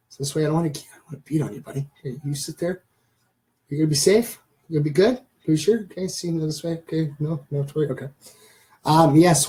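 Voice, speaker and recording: A man's voice: a little high, darkish tone. A man in his thirties hosting a casual live stream, rambling and talking straight to his viewers. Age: 30s.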